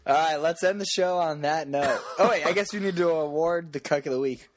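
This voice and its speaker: A man's voice: fairly high pitch, brisk. A man co-hosting a casual podcast chat, dry and joking as he moves the show along. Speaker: podcast co-host.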